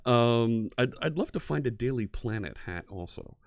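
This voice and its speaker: A man's voice: medium pitch, lively intonation, normal speed, dry recording, clean studio sound. A man from near Philadelphia with an American accent, hosting a casual live-coding stream and chatting with viewers. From United States, near Philadelphia. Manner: chatty, greets viewers, laughs easily. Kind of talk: casual livestream chat.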